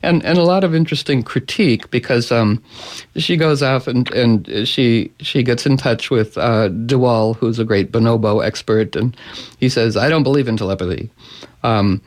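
A man's voice: medium pitch, normal speed. Rambling, playful male radio host. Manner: rambling, animated storytelling with playful voices for animals. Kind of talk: casual radio interview chat.

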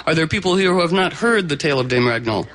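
A man's voice: on the high side, lively intonation, fast, a bit bright, rough recording. A man telling an old legend live to an audience, chatty and digressive with lots of fillers. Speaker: storyteller. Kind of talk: live oral storytelling to an audience.

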